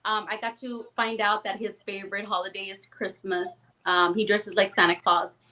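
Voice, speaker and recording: Bright animated woman telling stories. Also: mid-range voice, moderate pace, slight background noise. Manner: animated storytelling, acts out quotes. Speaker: guest singer. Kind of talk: casual podcast chat.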